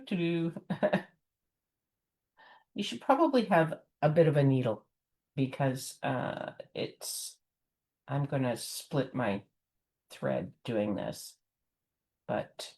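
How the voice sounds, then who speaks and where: A woman's voice: deep voice, darkish tone. A woman giving a rambling, friendly card-making tutorial, full of fillers and chuckles. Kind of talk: chatty craft tutorial.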